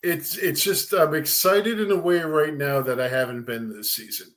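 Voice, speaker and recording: A man co-hosting a casual sports chat, talking in a hesitant but excited way, like a fan. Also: a little high, moderate pace. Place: home studio on a live stream.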